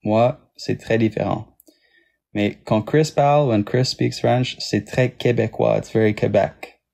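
A man's voice: lowish voice, fairly even intonation, measured pace, creaky, a little mellow. A man with a Toronto Canadian accent, chatting casually on a live stream and thanking viewers by name. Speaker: livestream host.

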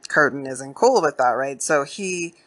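A woman hosting a podcast, recapping a film scene in a slangy, profane, animated way. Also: a bass voice, unhurried. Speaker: podcast host. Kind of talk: casual movie recap.

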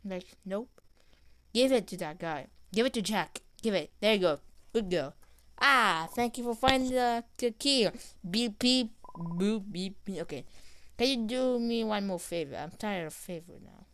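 A woman giving casual gameplay commentary, reading game dialogue aloud in an excitable way. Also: mid-range voice, unhurried, slight background noise. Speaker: gamer.

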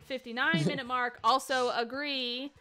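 A woman's voice: high voice, steady tone, unhurried, sharp tone, soft background music. A woman hosting a charity game stream, chatting casually and reading out donations, laughing often. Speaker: stream host.

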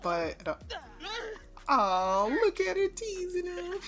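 A woman giving casual, slangy, animated commentary over a game she is playing. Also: extremely high pitch, slow pace, pauses often, soft background music. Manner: chatty, slangy, animated storytelling. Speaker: gameplay narrator.

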